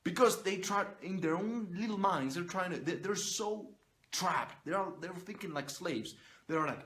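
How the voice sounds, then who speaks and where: This motivational vlogger's voice sits high and a bit bright, and his pace is a little slow. Recording on his own phone or camera, he curses freely in a blunt pep talk that pushes viewers toward self-reliance.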